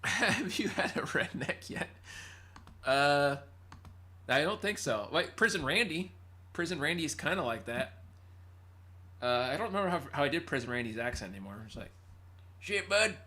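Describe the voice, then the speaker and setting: A man's voice: a little high, lively intonation, moderate pace, pauses often, sharp tone. A man from California's Central Valley hosting a casual livestream, rambling, laughing often and reading chat aloud. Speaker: livestream host and musician.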